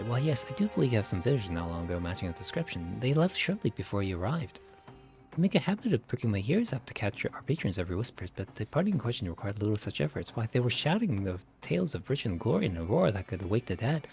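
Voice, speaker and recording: A man voicing a chatty, sly male tavern keeper who talks in a lively, salesy way. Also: fairly low pitch, fast talker, gravelly, soft background music.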